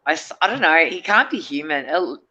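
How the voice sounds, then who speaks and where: A woman's voice: low-pitched, expressive, a little fast, bright, forceful tone, muffled recording. A middle-aged woman, a guest in a casual chat, rambling and hesitant with many fillers and restarts.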